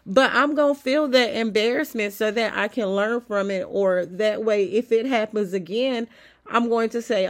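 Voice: medium pitch, normal speed. A host with a cold, sniffling a little, giving a conversational, encouraging motivational talk full of rhetorical questions. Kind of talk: motivational self-help talk.

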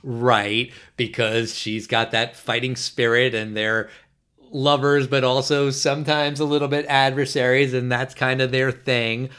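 A man hosting a casual movie podcast, talking in an opinionated, lively way. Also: medium pitch, a little slow, smooth. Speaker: podcast host.

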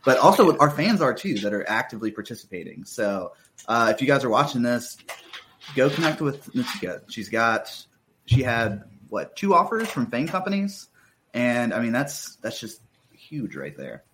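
A man's voice: medium pitch, very animated, moderate pace, noisy background. A man hosting a podcast in a casual chat, friendly and reading out chat comments. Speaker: podcast host.

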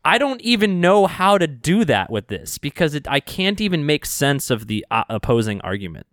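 A man co-hosting a casual podcast chat, talking in an animated, rambling way with frequent restarts. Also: a little high, normal speed, no room sound, clean studio sound. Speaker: podcast co-host.

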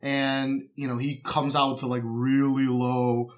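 A man hosting a podcast, chatting casually with lively, joking, profane banter. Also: mid-range voice, unhurried. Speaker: podcast host. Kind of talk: casual chat.

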